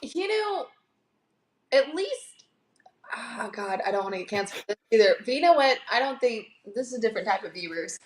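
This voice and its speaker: A woman's voice: on the high side, big pitch swings, fairly quick, a little hiss or hum. A woman guest chatting casually on a livestream, teasing and laughing as she reacts. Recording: roomy echo.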